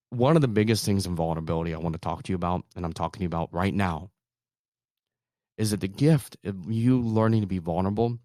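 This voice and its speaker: A man in his thirties hosting a motivational talk, earnest, moving between hushed softness and emphatic bursts. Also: deep voice, no echo, clean studio sound. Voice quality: soft calming voice in quoted comfort. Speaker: podcast host.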